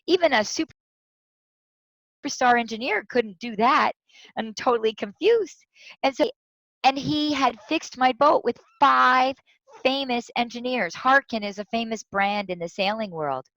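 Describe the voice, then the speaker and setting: A woman speaker, a guest in an interview, telling a personal story with lively quoted voices. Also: a little high, normal speed, dry recording. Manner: animated, tells stories with quoted voices. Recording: dull lo-fi sound.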